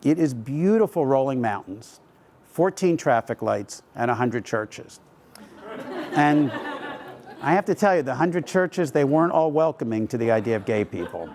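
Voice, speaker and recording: A man's voice: medium pitch, animated, moderate pace, a little mellow, a little hiss or hum. Man telling stories at an event. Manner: conversational storytelling with frequent fillers. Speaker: company co-founder giving a talk. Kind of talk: speaking at a live event.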